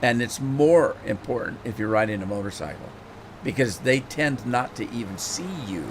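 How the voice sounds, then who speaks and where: Over some background noise, a middle-aged gaming livestream host chats casually during play at a normal speed. His mid-range voice is expressive, and he rambles, frequently repeating words while he thinks.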